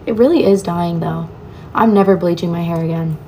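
A woman's voice: lowish voice, brisk, a little mellow, slight background noise. Chatty young woman answering live comments. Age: young adult. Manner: chatty, reads comments aloud and answers them offhandedly. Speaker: livestreamer. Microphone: phone.

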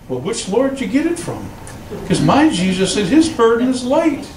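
A man preaching as a pastor, telling stories and acting out quoted voices with lively delivery. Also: normal speed, roomy sound, far from the mic, a little hiss or hum, low-quality recording. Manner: animated storytelling, voices quotes in a raised pitch. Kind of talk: sermon. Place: church sanctuary.

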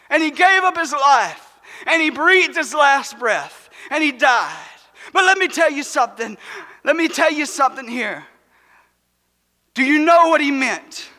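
A man delivers an emphatic, fervent sermon in a very high, bright and forceful voice. His words ring out with a long reverb from the church sanctuary around him. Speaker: preacher.

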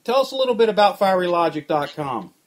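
A man's voice: sits high, very animated, fast talker. A man co-hosting a podcast, with an easygoing manner and frequent chuckles. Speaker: podcast co-host. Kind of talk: casual interview chat.

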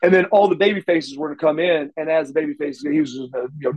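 Middle-aged man, raised in Oklahoma, slightly high voice, rambling storyteller, curses freely. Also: a little fast, a little mellow, highs cut off. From Oklahoma, USA. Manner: rambling, restarts often, salty language. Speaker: interview guest, former wrestler. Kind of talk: shoot interview storytelling.

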